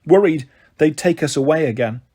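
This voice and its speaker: Husky man reading a children's story. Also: on the high side, normal speed. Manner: expressive first-person narration. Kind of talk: reading a children's novel aloud.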